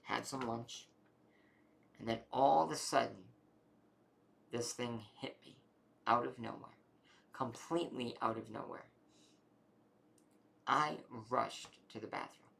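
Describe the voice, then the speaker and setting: A young adult man casually telling a long personal health story, rambling and animated, with many fillers. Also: medium pitch, takes it slowly, gravelly, long pauses.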